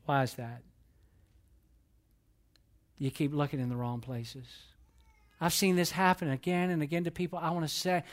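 A male pastor preaching a sermon in a large dark auditorium, swinging from loud emphatic lines to hushed ones. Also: a little high.

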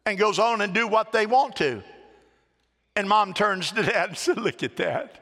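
Animated pastor in a reverberant hall. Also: male voice, high-pitched. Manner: animated preaching with dramatic voices and drawn-out phrases. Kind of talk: sermon. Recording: long reverb of a large hall.

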